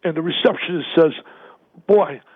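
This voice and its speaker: A man's voice: sits high, brisk. An older man, a basketball analyst phoning in as a guest, talking emphatically and repeating himself with energy. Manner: emphatic, repetitive, energetic storyteller. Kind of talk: phone-in radio interview. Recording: tinny phone line.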